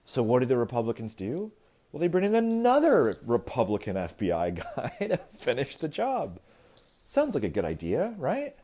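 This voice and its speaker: Male comic, low register, wide swings in pitch; casual, profane rehearsal routine with quick character bits. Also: warm tone. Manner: swears casually, laughs at own jokes. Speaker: stand-up comedian. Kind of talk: stand-up comedy routine. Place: rehearsal space.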